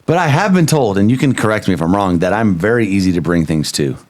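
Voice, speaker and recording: Low-voiced man, lively casual chat. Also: fast talker. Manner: animated, emphatic, easygoing. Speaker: co-host, husband. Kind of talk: casual couple's podcast chat.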